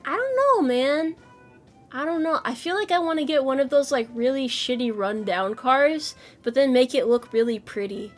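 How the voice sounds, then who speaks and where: A woman chatting casually with her stream viewers, playful and quick to giggle. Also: sits high, expressive, faint music behind. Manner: playful, giggly, answers chat with bursts of laughter. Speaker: virtual streamer.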